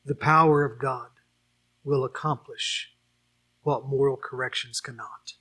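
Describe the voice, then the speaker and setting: A man's voice: mid-range voice, fairly even intonation, unhurried, fairly bright tone, slightly rough. A man preaching a sermon and leading a closing prayer, earnest and building to emphatic repeated questions. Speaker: pastor.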